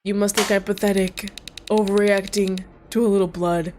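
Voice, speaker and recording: A woman voicing a gruff older male workshop boss in a story game, blunt and protective as he scolds a young worker. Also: mid-range voice, level tone, moderate pace, noisy background, lightly acted. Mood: gruffly caring. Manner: blunt, rough-edged, protective.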